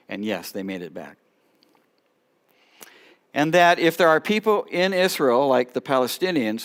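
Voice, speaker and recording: Middle aged guy preaching, tells stories, gets loud then goes real quiet. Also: mid-range voice. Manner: animated storyteller, drops to quiet asides. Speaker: rabbi preaching at church. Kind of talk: sermon storytelling.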